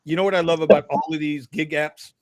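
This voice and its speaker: A man's voice: a little high, fairly even intonation, quick pace, no room sound. Blunt, profane male podcast host. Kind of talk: casual podcast chat.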